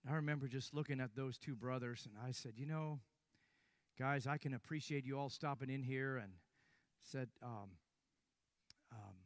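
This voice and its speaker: An older man preaching a sermon, telling a story with hushed stretches and sudden loud bursts. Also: mid-range voice, moderate pace, dry recording.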